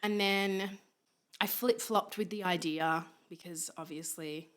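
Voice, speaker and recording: A woman's voice: on the low side, unhurried. A woman telling stories as a podcast guest in a casual chat, acting out quoted people with bursts of laughter. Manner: animated storyteller, acts out quotes with laughter.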